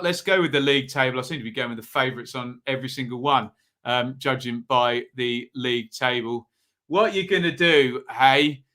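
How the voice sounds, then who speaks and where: A man's voice: medium pitch, normal speed, bright, forceful tone. A man hosting a live football predictions stream, chatting casually, thinking aloud and reading out viewers' comments.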